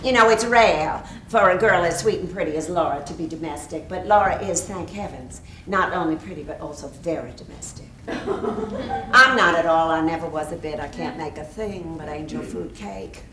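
Brief: actress as gushing Southern-accented mother, middle-aged, lively pitch, heard distant in an echoey theater with hiss. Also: normal speed. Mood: wistful. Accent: American Southern. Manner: chattering, flirtatious, fluttery with little laughs. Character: faded Southern belle mother, fussy and gushing. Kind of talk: stage play performance. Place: theater stage. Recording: roomy stage audio from far off with hiss.

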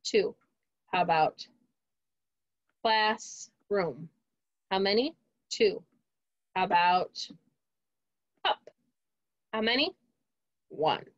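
A woman teaching a remote phonics lesson to young children, speaking clearly and encouragingly. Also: mid-range voice, lively intonation, no echo, highs cut off. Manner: slow, clear, encouraging teacher talk to kids.

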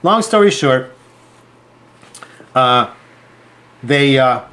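Guy rambling thru a story, middle pitch, acts out the back and forth. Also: extremely slow. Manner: animated, acts out quoted dialogue; chatty, rambling with restarts. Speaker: sewing designer and author. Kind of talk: casual storytelling to camera.

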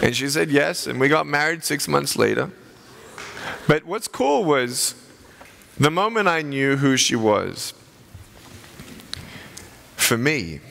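Bright, animated male speaker. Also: vocal fry, a little hiss or hum. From Australia. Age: 30s. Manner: animated storyteller with jokes and wide pitch swings. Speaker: evangelist speaker. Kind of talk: humorous chapel talk. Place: chapel audience hall.

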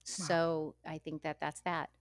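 Her voice low and her tone level, a middle-aged author being interviewed speaks with candor and reflection. She frequently pauses and repeats words as she works through her thoughts, and the studio-quality recording has no room sound.

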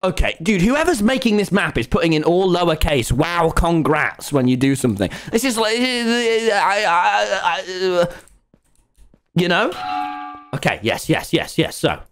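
An excitable man streams a game live and chats to his viewers, his voice high and swooping all over the place. He rants and swears at the screen in exasperation, then drops back into running commentary. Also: a little slow. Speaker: gaming streamer.

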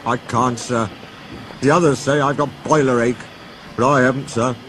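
A man's voice: medium pitch, steady tone, moderate pace, fairly bright tone, lightly acted. A man voicing a proud, grumbling big male steam engine in a pompous, huffy way. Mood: gloomy. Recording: noisy background ambience.

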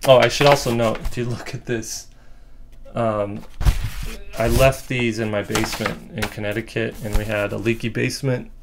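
A man who is a comic artist, casually walking through comic pages in a relaxed, rambling, self-critical way with frequent ums. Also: fairly low pitch, creaky, noisy background. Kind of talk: casual page-by-page walkthrough.

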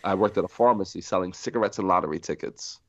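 A middle-aged man from New Jersey, a podcast guest telling stories in a lively way, acting out the people he quotes. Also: sits low, fast, no echo. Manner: animated storyteller acting out quoted voices, laughing often. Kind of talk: storytelling in a podcast interview. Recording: dry muffled sound.

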